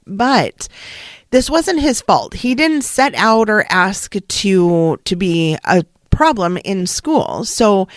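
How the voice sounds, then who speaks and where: A middle-aged woman, a wellness coach and counselor, shares a personal story in an unhurried, heartfelt monologue. She speaks slowly, with halting pauses, at a middle pitch. The sound is close and dry, with no room echo. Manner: slow, halting, heartfelt delivery.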